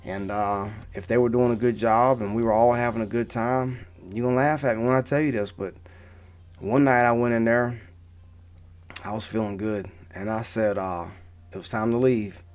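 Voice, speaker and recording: A man's voice: medium pitch, fairly even intonation, normal speed, a little mellow. A man in his thirties talking casually to camera, rambling through a personal story with many restarts and asides. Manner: rambling, repeats "right?" and restarts. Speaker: vlogger.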